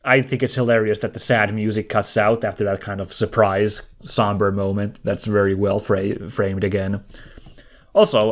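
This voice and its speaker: A man giving casual let's play commentary, reading game text aloud and adding chatty, amused asides. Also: lowish voice.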